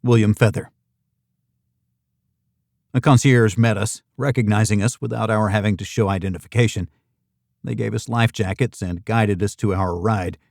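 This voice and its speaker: A man narrating a thriller audiobook in the first person, in an even, measured reading. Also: on the low side, creaky, dry recording, clean studio sound.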